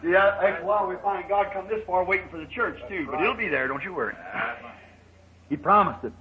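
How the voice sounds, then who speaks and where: A man preaching a sermon in a folksy storytelling manner, acting out the voices in his story with sudden shouted bursts, on a muffled old recording. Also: high-pitched, fairly quick, a crowd in the background.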